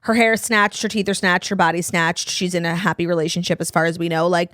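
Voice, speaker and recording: A woman's voice: on the low side, little pitch movement, fast, fairly bright tone, no echo, clean studio sound. A woman in her thirties co-hosting a podcast, chatting casually and gossiping with many "like" fillers. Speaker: podcast co-host. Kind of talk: casual chat.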